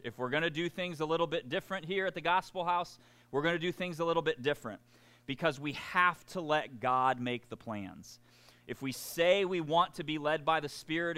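A man's voice: on the high side, smooth. A man preaching a sermon as pastor, chatty and self-deprecating, with many restarts. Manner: conversational, animated, self-deprecating, frequent "y'all" and restarts.

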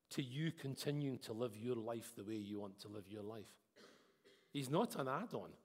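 Preacher in an echoey hall. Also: male voice, mid-range voice, breathy edge. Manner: earnest, swings between loud emphasis and soft intensity. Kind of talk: sermon. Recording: echoey hall with long reverb.

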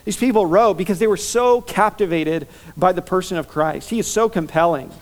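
A man preaching a sermon as pastor, enthusiastic and animated, telling stories with quick repetitions. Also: high voice.

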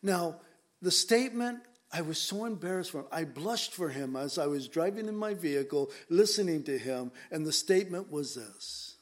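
A man's voice: on the high side, animated, normal speed. A man preaching a conversational sermon to his congregation, earnest and emphatic, often repeating words as he presses a point.

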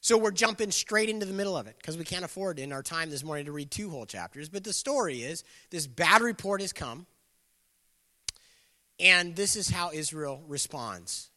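A man's voice: on the high side, expressive, moderate pace, pushed and bright. A man preaching a sermon in a casual, conversational way, slipping into voices of the people in the story. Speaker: pastor. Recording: long hall reverb.

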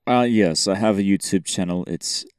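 A woman putting on a much deeper, accented voice while plugging her channel in a tabletop game podcast. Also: wildly swooping pitch, racing, vocal fry, a bit bright, exaggerated voice. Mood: offhand. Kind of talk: player putting on a voice.

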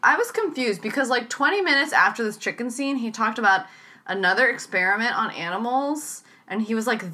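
Bright, blunt woman chatting. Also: on the high side, animated, fairly quick. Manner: blunt, exclaiming, profane. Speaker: podcast co-host. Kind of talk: casual chat.

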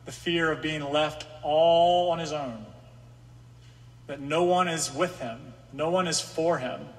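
A man's voice: fairly high pitch, steady tone, takes it slowly. Man preaching in a reverberant hall. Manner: conversational preaching, voices the psalmist's pleas. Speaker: pastor. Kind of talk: sermon. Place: room with an audience.

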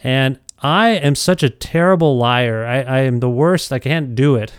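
A middle-aged man tells a self-deprecating story in a casual, animated way, often stumbling and restarting. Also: medium pitch, unhurried, clean tone, no room sound, studio quality. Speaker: podcast storyteller.

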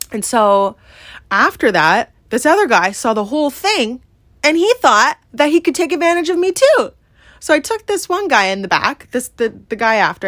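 A woman's voice: on the high side, fairly bright tone, no room sound. A woman hosting a podcast, telling a personal story in a candid, emphatic way full of swearing and "like". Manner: emphatic and profane, heavy use of "like" and "yeah?". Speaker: podcast host.

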